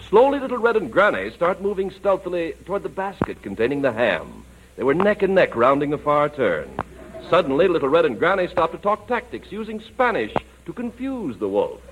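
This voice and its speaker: A man's voice: fairly high pitch, very animated, moderate pace, narrow, tinny audio. A man narrating a radio comedy tale in a wry, punning, racetrack-caller way. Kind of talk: racetrack-style comic narration. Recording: old radio broadcast with hiss.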